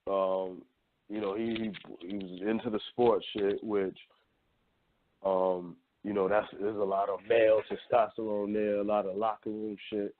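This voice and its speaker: A man co-hosting a talk radio show, speaking in a measured, reflective way. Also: fairly low pitch, level tone. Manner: measured, reflective, many fillers. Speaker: radio co-host. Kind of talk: casual talk radio chat. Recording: tinny phone-line audio.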